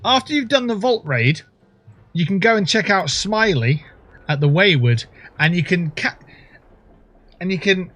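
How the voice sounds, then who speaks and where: A man's voice: high voice, a little slow, pauses often. A man hosting a game livestream, riffing in a profane, jokey way. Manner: profane, jokey, bursts into excited whoops. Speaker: livestream gamer host. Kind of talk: casual gameplay commentary.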